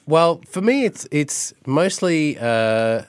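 An Australian man, a radio program director and voiceover artist, chatting casually in an interview and explaining his craft with relaxed pauses. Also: a little high, smooth, no echo.

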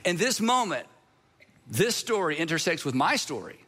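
A male pastor delivers a sermon in a high, bright, ringing voice. He is earnest and emphatic, circling back on key phrases. At moments of weight he slows almost to a stop. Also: very animated.

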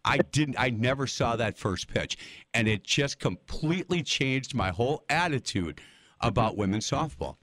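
Brief: older male host, folksy storyteller, animated delivery, dry close sound. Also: mid-range voice, normal speed, dry recording. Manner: folksy, chatty, rambling anecdotes.

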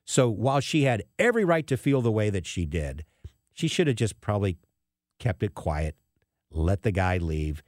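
A man hosting a talk radio show, telling a personal story in an animated way and acting out the people he quotes. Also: fairly low pitch, normal speed, no echo, studio quality.

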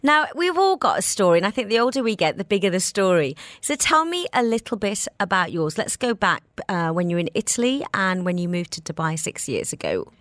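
A woman's voice: mid-range voice, big pitch swings, brisk, hardly any pauses, a bit bright, no room sound. A woman hosting a talk show, interviewing a guest in a playful way and asking curious questions.

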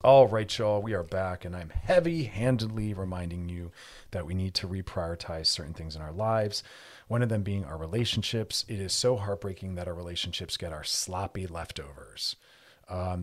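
A man hosting a radio advice show, speaking into a studio microphone. His voice sits a little low. He talks in an animated, lively way and slips into playful mocking voices when he imitates people. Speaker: radio show host and therapist.

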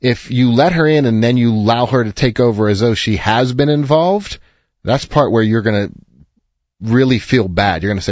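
A man's voice: medium pitch, normal speed, a little mellow, dry recording, dull audio. Earnest man giving advice. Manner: earnest, reassuring, with storytelling. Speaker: advice show host. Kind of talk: counseling advice to a caller.

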